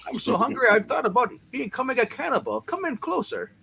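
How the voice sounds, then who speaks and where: A man performs a boastful, crude young scientist in a comic-book reading, his voice very high, wildly animated and bright with gravel in it. Faint noise sits under the recording. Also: brisk, full character voice. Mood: brash.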